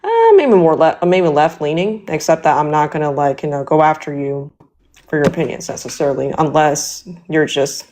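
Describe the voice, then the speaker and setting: A woman's voice: sits low, lively intonation, moderate pace, darkish tone, slight background noise. A young woman speaking as a guest in a casual political debate, hesitant and full of fillers.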